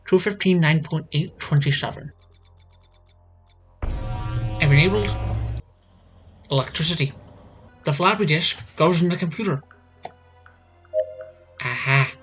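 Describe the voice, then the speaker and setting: A man's voice: fairly high pitch, takes it slowly, long pauses, fairly bright tone, faint music behind. A man at his computer desk giving playthrough commentary, getting more and more exasperated and ranting to himself as he plays. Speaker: gaming channel host. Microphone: desk microphone.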